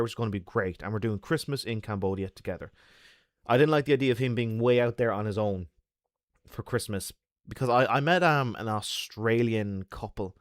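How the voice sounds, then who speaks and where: A man's voice: fairly low pitch, dry recording, studio quality. An Irish man chatting casually with his stream viewers, talkative and rambling. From Ireland.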